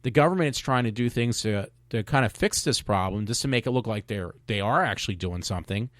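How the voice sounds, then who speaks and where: A man hosting a podcast, ranting in a rambling, halting way with many restarts and fillers. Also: on the low side, lively intonation, a bit bright, no room sound, clean studio sound. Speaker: podcast host. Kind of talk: casual opinion monologue.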